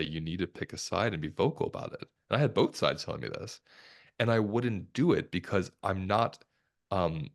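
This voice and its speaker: A man, a somatic therapist, talking as a guest in a podcast interview in a calm, reflective, measured way. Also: sits low. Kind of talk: conversational interview talk.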